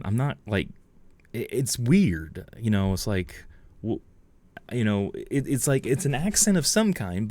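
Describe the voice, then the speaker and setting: A man's voice: on the low side, a little hiss or hum. A man from Georgia in the US, chatting casually with his chat while playing a game on a livestream. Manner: relaxed, chatty, reads and answers chat. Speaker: livestream gamer.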